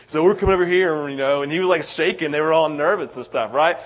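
A man's voice: a little high, fast, few pauses. A male pastor preaching a conversational sermon in a church, telling stories with frequent "right?" asides. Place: church sanctuary. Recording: muffled lo-fi sound.

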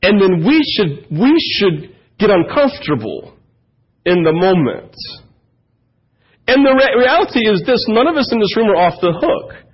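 A male pastor preaches in a high, husky voice, lively and emphatic, now and then slipping into the voices of the people he quotes. The sermon comes through a dull, lo-fi recording made in a church. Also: normal speed.

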